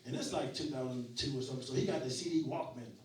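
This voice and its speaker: Performing at a small club, this man in his forties spins loose, foul-mouthed, conversational stories as a stand-up comic. He talks quickly in a mid-range voice while a crowd is audible behind him, and the mic sits at a distance, giving a roomy sound.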